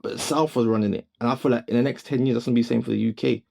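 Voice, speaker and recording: A young man co-hosting a studio podcast, chatting casually in a slangy, rambling way with quick restarts. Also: medium pitch, steady tone, gravelly, dark tone. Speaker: podcast co-host. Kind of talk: casual chat.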